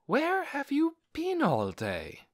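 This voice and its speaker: A man reading aloud and voicing a middle-aged village woman who is puzzled and stern, in a raised falsetto with a fussy, questioning manner. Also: huge pitch swings, slow, heavily acted.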